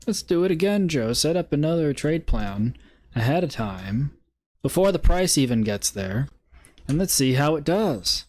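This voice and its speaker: Brief: male stream host, unhurried, mid-pitched, casual market chatter. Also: expressive, darkish tone. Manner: laid-back, muttering, bursts of swearing laughter.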